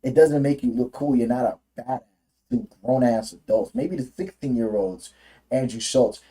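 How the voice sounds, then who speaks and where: A man's voice: mid-range voice, moderate pace, mellow, husky. A man ranting through political commentary on a livestream, profane and heated, often restarting his sentences.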